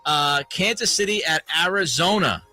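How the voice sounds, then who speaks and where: A man's voice: high voice, expressive, normal speed, bright, forceful tone. A man hosting a sports radio show, running through picks with casual chat and easy laughs. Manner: laughs often, runs the segment.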